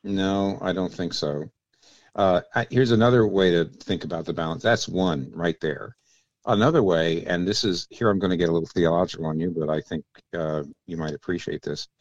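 Deep-voiced older man explaining theology. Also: moderate pace, no room sound, highs cut off. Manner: thoughtful, explanatory, with many restarts. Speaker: guest pastor and author. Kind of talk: casual radio interview, theological explanation.

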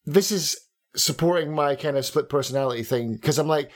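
A man's voice: on the high side, brisk. Candid man giving picky opinions. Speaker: podcast co-host. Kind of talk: casual game discussion podcast.

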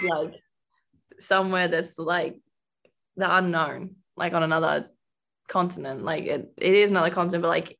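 A woman's voice: on the low side, gravelly, a bit bright. A young woman from Australia with an Australian accent, a guest in a casual interview, giggly and saying "like" often. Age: young adult. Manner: giggly, says "like" a lot. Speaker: guest, college athlete.

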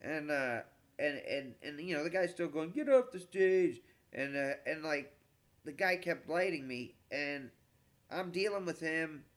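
A middle-aged man, a comedian, telling a long story in a casual, animated, profane way, with frequent stammered restarts. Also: fairly high pitch, measured pace.

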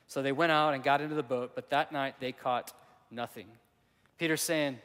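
A man preaching a sermon, telling a story and acting out the quotes, swinging from loud to hushed. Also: medium pitch, steady tone, normal speed, in a large hall. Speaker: pastor.

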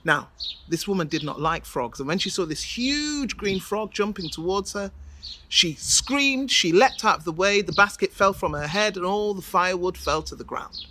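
A woman's voice: lowish voice, animated, normal speed, pushed and bright, a little hiss or hum. A woman storyteller telling a folk tale with rhythmic repetition and dramatic build-ups.

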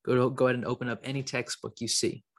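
Deadpan young man riffing absurdly. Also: medium pitch, racing, dry recording, clean studio sound. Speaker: podcast co-host. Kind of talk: improvised comedy podcast chat.

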